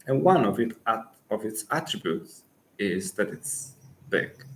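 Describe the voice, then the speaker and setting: A man with an Italian accent, a native Italian speaker coaching Italian in a live Q&A lesson, pausing thoughtfully and restarting phrases. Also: fairly low pitch, expressive, a bit bright, slight background noise, rough recording.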